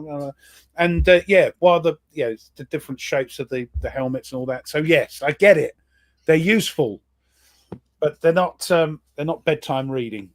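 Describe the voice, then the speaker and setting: A man's voice: a little high, moderate pace. A man chatting casually on a live video call, joking about himself and rambling with plenty of fillers. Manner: jokey, self-mocking, rambling with fillers. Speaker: panelist. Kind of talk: casual chat on a live stream.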